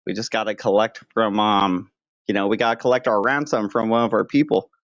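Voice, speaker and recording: A man's voice: fairly low pitch, fairly even intonation, brisk, a bit bright, no room sound. A man streaming live and chatting with viewers, joking around in a crude, mock-tough way. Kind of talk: casual livestream chat. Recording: dull lo-fi dry sound.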